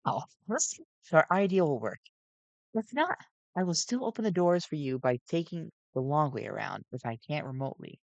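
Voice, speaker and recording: A man voicing a gentle, nervous robot daycare attendant who speaks softly and formally. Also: fairly high pitch, lively intonation, normal speed, gravelly, no room sound, muffled recording, voice pushed up. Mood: reassuring. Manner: soft, hesitant, formal.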